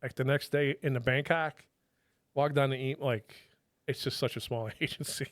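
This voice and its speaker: At a normal speed and mid-range pitch, a middle-aged retired federal agent tells casual stories with plenty of animation. He swears freely and acts out others' words in their voices, and the studio-quality recording has no echo.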